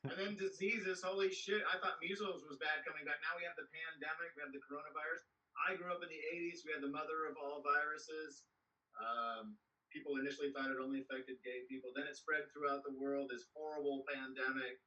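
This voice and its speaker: A man's voice: fairly high pitch, fairly even intonation, brisk, sharp tone, dull audio. A man in his thirties doing a stand-up comedy set from his home office over a video call, rambling with self-deprecating asides. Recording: distant, noisy video call audio.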